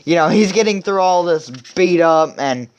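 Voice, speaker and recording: A man's voice: high voice, lively intonation, moderate pace, clear, resonant tone. A young man hosting a video and recapping a comic chapter in a rambling, filler-heavy casual way. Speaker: video host.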